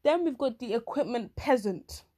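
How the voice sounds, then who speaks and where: A young woman talks animatedly in a casual comic monologue, full of slang and quick asides. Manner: animated, slangy, quick asides, acts out others in shrill voices. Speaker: vlogger.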